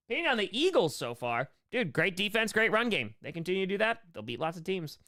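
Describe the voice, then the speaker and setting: A young man hosting a loose live-stream Q&A, joking and rambling between chat questions. His voice sits a little high and comes through smooth and clear. He talks in quick asides. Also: sing-song, sharp tone.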